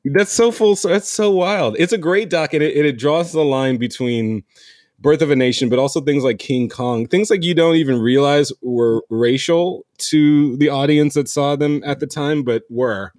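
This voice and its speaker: A man's voice: on the high side, normal speed, a little mellow, no room sound, clean studio sound. A man hosting a casual podcast who teases his guest and laughs often. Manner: playful, laughs often, teasing. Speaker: podcast host.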